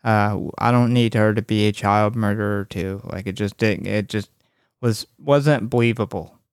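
Smooth-voiced, blunt joking man. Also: fairly low pitch, steady tone, moderate pace, dry recording, studio quality. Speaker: podcast co-host. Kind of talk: casual horror movie podcast chat.

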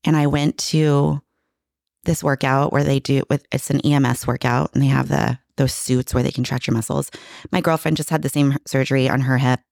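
A woman's voice: rumbling low, steady tone, fairly quick, gravelly, a little mellow, no echo, clean studio sound. A middle-aged woman telling a candid personal story in casual conversation, emotional and full of restarts. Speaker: guest.

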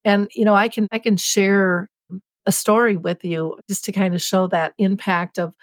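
A woman's voice: mid-range voice, level tone, normal speed, dry recording. A middle-aged woman, a patient advocate, speaking in a heartfelt, reflective way in a podcast interview. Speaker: dementia patient advocate guest.

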